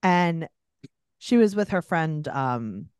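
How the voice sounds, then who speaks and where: A woman's voice: low-pitched, slow, clean tone, no room sound, clean studio sound. A woman co-hosting a podcast, recapping a reality show in casual, emotional chat. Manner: emotional, animated storytelling. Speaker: podcast co-host.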